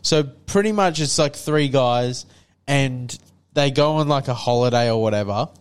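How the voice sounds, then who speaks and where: A man's voice: mid-range voice, normal speed, smooth. A man co-hosting a podcast, casually retelling a movie trailer in a rambling way, with lots of fillers and swearing. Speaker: podcast co-host.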